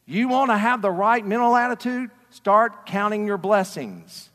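A man preaches with fervor, dropping to a hush and then rising to a shout. His voice sits high and rings bright. A long reverb trails his words in a large church sanctuary. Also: expressive, measured pace. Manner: impassioned preaching, swings from quiet to shouting. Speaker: pastor. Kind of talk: sermon.

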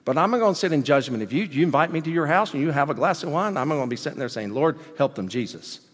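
A man preaching from the pulpit with a lively, bouncing delivery. His voice sits a touch higher than most men's and rings out with a long reverb through the big church hall. He jumps from loud emphasis to quiet asides. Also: rapid-fire. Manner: animated preaching, swinging between loud emphasis and low asides. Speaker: pastor. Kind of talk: sermon.

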